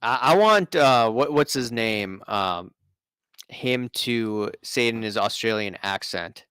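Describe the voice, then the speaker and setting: A man's voice: on the low side, expressive, slow pace, pushed and bright, smooth, no echo. A man hosting a casual live stream, chatting and reading out viewer comments in a rambling way.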